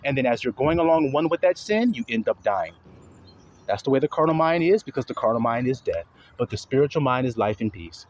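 A man's voice: mid-range voice, animated, a little fast, slight background noise. A man giving an informal Bible teaching, talking loosely and profanely and drawing out the verses he reads. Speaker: preacher teaching from scripture. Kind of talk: casual spoken Bible teaching.

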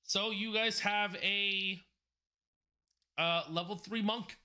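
Slow, halting game master. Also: male voice, high voice, steady tone, bright, forceful tone, clear, resonant tone. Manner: slow, halting narration with restarts. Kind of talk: narrating a tabletop game.

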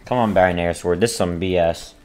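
A man's voice: low voice, fairly quick, darkish tone. A man giving casual gameplay commentary, grumbling and talking at the game in frustration. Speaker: gaming video creator.

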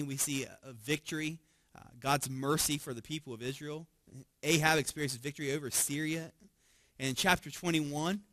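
A male pastor with a slightly high voice delivers a sermon as lively storytelling. He keeps tagging his points with quick questions to the congregation and chuckles as he goes. The recording is dry and close, with no room echo. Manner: conversational, tags lines with "right?" and chuckles often; animated storytelling with frequent restarts.

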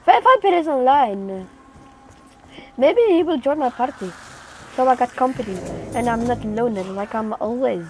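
A woman's voice: on the high side, expressive, normal speed. A young woman who is not a native English speaker gives casual commentary on her gameplay. She chats along and breaks into startled exclamations. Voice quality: chatty, bursts into startled exclamations. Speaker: gaming channel host. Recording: noisy home game recording.

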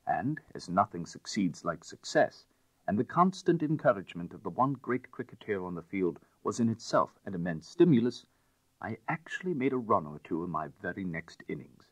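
A man narrates a classic tale with measured, expressive reading. His lowish voice is husky, and it moves widely in pitch. The recording is dry and close. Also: no echo. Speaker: audiobook narrator.

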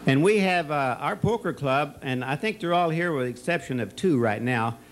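A man's voice: fairly high pitch, animated, normal speed, slight background noise, poor audio. A man giving a folksy, rambling speech at a retirement party. He tells stories and jokes about a former school colleague and often stops to restart his sentences. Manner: rambling storyteller who tells jokes with many restarts and fillers. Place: party or banquet room.

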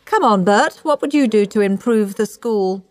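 A woman's voice: medium pitch, lively intonation, normal speed, natural voice. A woman reading a storybook, voicing a stern and strict woman schoolteacher with a cold, bossy manner.

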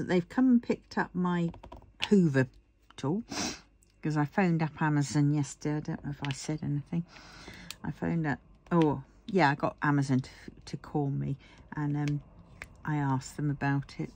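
A woman's voice: sits low, steady tone, normal speed, darkish tone. A tired woman chatting in a rambling way while she works on a diamond painting, yawning and murmuring to herself. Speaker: craft vlogger.

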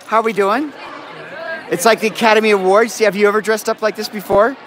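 He talks a little fast, his voice pitched high, as he hosts a live stream inside a school gym full of people. Joking with students and frequently saying sorry, he competes with loud crowd chatter throughout.

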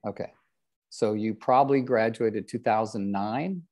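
A man's voice: on the low side, measured pace, a little mellow. An older man coaching real estate agents in a live group session, joking at his own expense and calling on trainees by name. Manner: joking, self-deprecating, calls on trainees by name.

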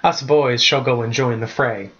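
A man's voice: medium pitch, fairly even intonation, normal speed, a bit bright, dull audio, lightly acted. A man voicing an eager young boy fighter in a storybook reading. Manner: frantic, eager.

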